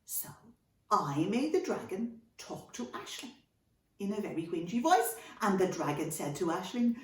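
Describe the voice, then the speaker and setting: An Irish woman and children's author giving a storytelling workshop for kids in an animated, expressive way. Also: medium pitch, normal speed. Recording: echoey room, from a distance.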